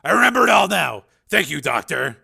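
A man's voice: a little high, very animated, a little fast, creaky, sharp tone, slightly rough, pitched above the performer's own voice, full character voice. A man voicing a weary man who sighs and speaks in a subdued way. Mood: sad. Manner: sighing, subdued. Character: weary, sad man recovering from an ordeal.

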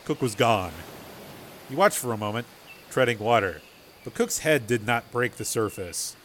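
A man narrating a novel chapter in a steady, measured storytelling voice. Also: medium pitch, slight background noise. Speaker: audiobook narrator. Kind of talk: scripted narration.

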